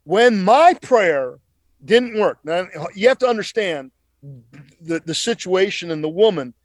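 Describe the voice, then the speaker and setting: A man's voice: sits high, animated, unhurried, no echo. A middle-aged male preacher telling a dramatic testimony on a talk show, emphatic and repeating phrases for effect.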